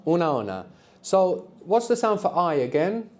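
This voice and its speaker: Male language teacher running a live classroom workshop, warm mellow tone, encouraging, keeps checking in with the group. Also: high-pitched, sing-song, measured pace. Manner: encouraging, quizzes the group with frequent tag questions. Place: classroom with students.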